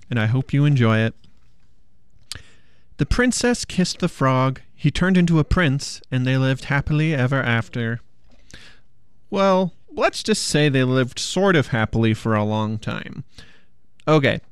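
A storyteller reading a funny fairy-tale picture book aloud in a playful, expressive way. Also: medium pitch, clear, resonant tone, no echo.

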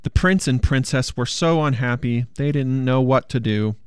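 A storyteller reading a funny fairy-tale picture book aloud in a playful, expressive way. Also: medium pitch, normal speed, clean tone, dry recording, studio quality.

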